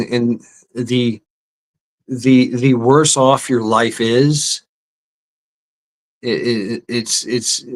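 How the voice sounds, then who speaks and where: A man ranting casually and sarcastically as a vlogger, with lots of stammered repetitions and swearing. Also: medium pitch. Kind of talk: casual profane rant.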